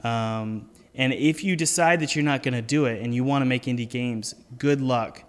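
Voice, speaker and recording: A man hosting a casual interview podcast, giving earnest advice and slowing down to stress his points. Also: mid-range voice, long reverb tail. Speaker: podcast host and indie game developer.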